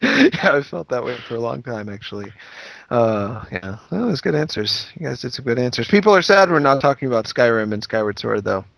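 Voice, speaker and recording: Man host, deadpan and offbeat, medium pitch, dry close sound. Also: fairly quick, creaky, dry recording. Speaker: podcast host reading listener questions. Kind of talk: casual podcast banter.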